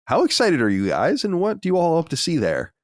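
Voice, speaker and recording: A man's voice: a little high, huge pitch swings, fairly quick, no echo. A man hosting a podcast in casual chat, reading listener mail with playful, mock-boastful banter. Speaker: podcast host. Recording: dry close mic.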